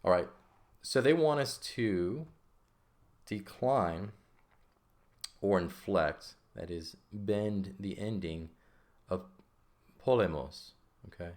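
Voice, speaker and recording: A man's voice: low-pitched, slow pace, darkish tone. A man teaching a recorded Greek grammar lesson, explaining patiently and checking in with frequent "okay?" as he writes.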